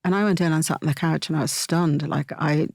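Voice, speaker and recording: Gravelly low-voiced woman, halting. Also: steady tone, dry recording, studio quality. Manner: halting, frequent fillers and restarts. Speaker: interview guest. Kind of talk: personal storytelling in conversation.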